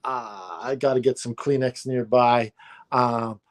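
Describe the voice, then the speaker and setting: A man's voice: medium pitch, steady tone, unhurried, no room sound, studio quality. A man co-hosting a podcast in casual chat, boisterous and hammy. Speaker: podcast co-host.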